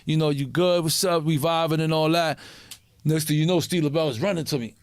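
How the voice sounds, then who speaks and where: A man's voice: a little high, brisk, dry recording. A man, telling stories in a casual interview, swearing freely and acting out the voices of the people in them. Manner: streetwise, profane, animated storytelling with acted-out quotes. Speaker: interview guest.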